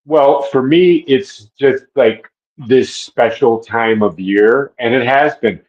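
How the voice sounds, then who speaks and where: Stadium announcer, man, 50s, unhurried storyteller, mid pitch, dull audio. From Minneapolis, USA. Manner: laughs softly, relaxed storytelling with fillers. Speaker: public address announcer. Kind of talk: casual interview reminiscing.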